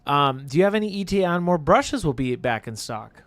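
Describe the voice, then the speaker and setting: Male co-host, slightly high voice, chatty, reads out chat questions. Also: sing-song, brisk, no room sound. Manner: reads viewer comments aloud, playful and chatty. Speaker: painting stream co-host reading chat. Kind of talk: live stream chat.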